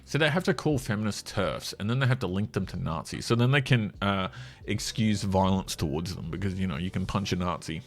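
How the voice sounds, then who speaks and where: A man's voice: deep voice, fairly quick. A man giving sarcastic, mocking commentary while scrolling through a social media feed. He laughs often.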